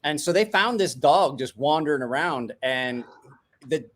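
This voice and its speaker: A middle-aged man from a small rural town, hosting and telling profane, animated stories in casual chat. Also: on the high side, unhurried. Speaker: host.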